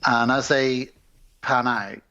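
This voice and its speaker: A man's voice: mid-range voice, steady tone, slow pace, bright, forceful tone, muffled recording. A man co-hosting a podcast, recapping film scenes in casual chat and acting out the characters' lines. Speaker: podcast co-host.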